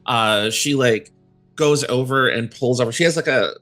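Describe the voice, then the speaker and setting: A man's voice: medium pitch, normal speed, a bit bright, faint music behind. A man narrating a tabletop game as game master, in a casual, rambling way with many fillers.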